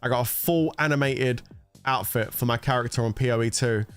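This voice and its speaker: A man's voice: medium pitch, brisk, smooth, soft background music. A man giving heated, profanity-laced commentary, exasperated and ranting about a mobile game. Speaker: gaming content creator.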